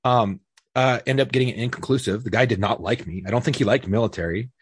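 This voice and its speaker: A man co-hosting a podcast, a former Marine telling stories in animated, profane casual chat. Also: medium pitch, fast talker, slightly rough, no echo, clean studio sound. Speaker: podcast co-host, police officer, former Marine.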